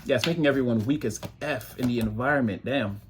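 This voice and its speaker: A man's voice: medium pitch, fast talker, slightly rough. A man giving a casual, rambling tarot reading, talking loosely and slipping into mocking voices when he quotes people. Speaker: tarot reader.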